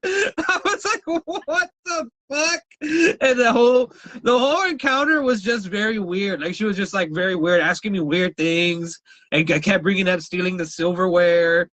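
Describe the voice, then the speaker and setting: A man's voice: high voice, moderate pace, no room sound, poor audio. A man co-hosting a podcast, telling wild stories in casual chat, swearing and laughing often. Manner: animated storyteller, swears a lot, laughs often. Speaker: podcast co-host.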